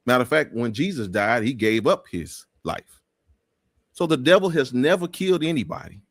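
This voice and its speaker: A man's voice: mid-range voice, a bit bright, dry recording, clean studio sound. A man hosting a live talk show, speaking in an emphatic, preachy way with many restarts.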